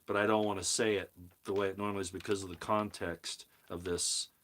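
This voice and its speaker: With a low, slightly bright voice that barely shifts in pitch, a man speaks fairly quickly as he hosts a live commentary stream. He rambles through a casual monologue, reads viewer comments, and often stumbles into repeated or restarted words while stressing his points ever more strongly.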